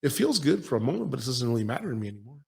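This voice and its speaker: A man's voice: medium pitch, very animated, rapid-fire, vocal fry. A man in his forties hosting a podcast, talking in a blunt, profane, rambling and intense way in a casual motivational monologue. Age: 40s. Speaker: podcast host and gym owner.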